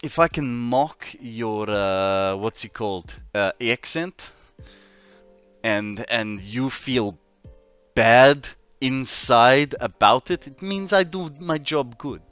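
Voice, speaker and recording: A mock-stern Russian man , as a streamer puts him on, speaking in deliberately broken, clumsy grammar with a teasing edge. His voice sits higher and louder than a plain male speaking voice, smooth and clear over faint music. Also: no echo, dull audio, lightly acted.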